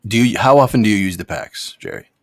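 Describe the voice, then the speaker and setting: A man co-hosting a casual chat about vapes, telling stories in quick, animated bursts with frequent restarts and swearing. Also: on the low side, gravelly, no echo. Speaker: co-host of a cannabis vape review show.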